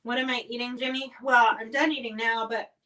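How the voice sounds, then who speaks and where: Woman livestream host at home, casual and chatty, coughing and clearing her throat, a bit far from the mic. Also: fairly high pitch, little pitch movement, brisk, pushed and bright. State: coughing from spicy food. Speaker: livestream host reviewing spicy snacks.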